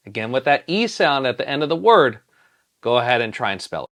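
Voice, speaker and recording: A teacher giving a phonics lesson, sounding out each letter slowly and patiently. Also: mid-range voice, big pitch swings, fairly bright tone.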